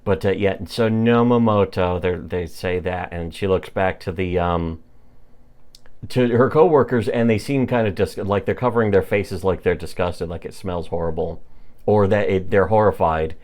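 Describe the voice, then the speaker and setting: A man co-hosting a podcast, recapping a comic in a rambling, halting way full of fillers. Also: deep voice, a little mellow. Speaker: podcast co-host.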